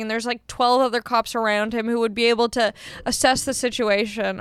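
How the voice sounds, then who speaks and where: A young adult woman casually telling a story, lively and swearing freely as she acts out the people she quotes. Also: on the high side, normal speed, clean tone, no echo, studio quality.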